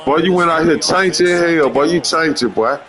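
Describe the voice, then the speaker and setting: A man streaming a football video game, loudly trash-talking his online opponent with slang and profanity. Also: a little high, measured pace. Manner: loud, boastful trash talk with heavy slang and profanity. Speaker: gamer streamer.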